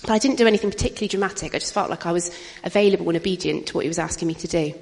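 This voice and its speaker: A woman's voice: on the low side, racing, gravelly, a little mellow. A middle-aged woman giving an informal testimony talk at a church gathering, chatty and anecdotal, with frequent laughter. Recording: reverberant hall.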